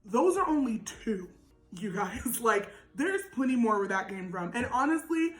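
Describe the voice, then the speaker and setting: A young woman with a naturally loud voice telling a storytime vlog, animated and laughing, with lots of "like". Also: on the high side, normal speed, echoey room, faint music behind, low-quality recording. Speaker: vlogger.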